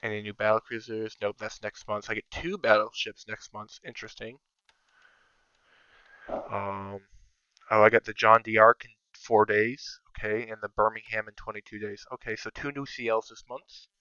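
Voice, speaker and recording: A man's voice: lowish voice, little pitch movement, normal speed, bright, forceful tone, clear, resonant tone, no echo, dull audio. A man giving casual, think-aloud commentary over his own strategy game, sometimes counting under his breath. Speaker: strategy game video creator.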